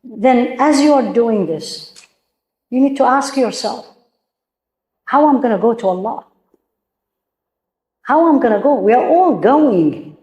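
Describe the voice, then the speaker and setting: A woman's voice: a little high, animated, a little slow, pauses often, warm tone. Woman religious teacher, emphatic, rhetorical questions, live room with reverb. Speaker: Islamic teacher. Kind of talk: religious talk to a women's audience.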